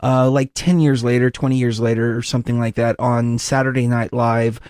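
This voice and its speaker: A man hosting an interview show, chatting casually and telling rambling stories in an animated way. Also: medium pitch, brisk, clear, resonant tone, no echo, studio quality. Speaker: host.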